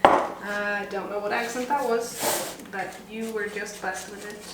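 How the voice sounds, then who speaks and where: A Swedish home baking vlogger, a young woman, chats casually while cooking, rambling and making self-mocking jokes. She speaks with a mid-range voice in a steady tone, a little slowly, and the roomy kitchen adds background noise.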